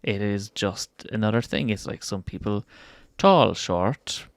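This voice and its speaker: Soft-spoken Irish man, low voice. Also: no room sound, clean studio sound. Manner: soft-spoken, reflective, halting. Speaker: podcast guest. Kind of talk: casual chat.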